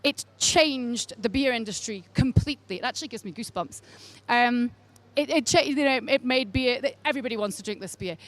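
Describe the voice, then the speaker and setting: A woman's voice: a little high, brisk. A woman from England teaching a beer tasting class into a handheld microphone, chatty and wry with asides to her group. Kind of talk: informal tasting class talk. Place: tasting session with a live group.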